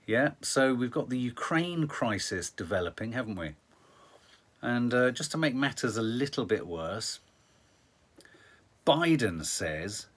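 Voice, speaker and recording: Male live-stream host, husky and chatty, mid-pitched. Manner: animated, chatty, rambling with restarts. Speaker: live stream host reading viewer comments. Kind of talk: casual live-stream chat.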